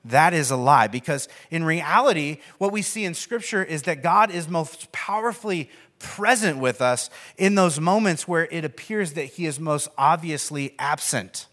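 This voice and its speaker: A man's voice: on the high side, lively intonation, normal speed, few pauses, a bit bright. A man in his thirties giving a conversational sermon as pastor, with self-deprecating humor and many fillers.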